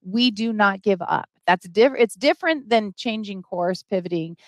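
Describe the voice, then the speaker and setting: A woman's voice: mid-range voice, normal speed, no room sound. A middle-aged woman hosting a motivational live stream, talking to her viewers and getting teary as she speaks. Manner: emotional, reads chat names aloud, gets teary.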